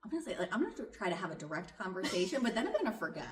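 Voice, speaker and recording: A woman's voice: medium pitch, sing-song, rapid-fire, reverberant, distant mic, a crowd in the background. A woman therapist, a guest on a podcast, speaking in reassuring, casual conversation and laughing easily. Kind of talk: casual chat.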